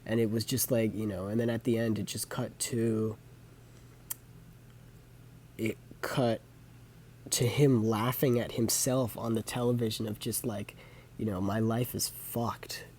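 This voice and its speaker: A man's voice: on the low side, level tone, a little slow, long pauses, darkish tone, a little hiss or hum. A young man talking casually about movies he has watched, rambling with lots of fillers and self-corrections. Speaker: vlogger. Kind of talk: casual movie review monologue.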